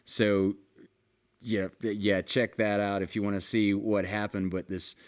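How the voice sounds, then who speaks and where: A man hosting a casual live music stream, rambling through an animated story with restarts and casual swearing, talking from home. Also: on the low side, a little slow. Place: home, with balcony and fire pit.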